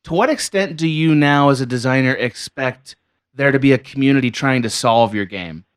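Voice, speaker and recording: A male podcast co-host puts questions to his guest with open curiosity. He phrases things loosely and circles back as he goes. His voice sits at an average pitch for a man. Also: normal speed, clear, resonant tone. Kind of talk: casual podcast interview.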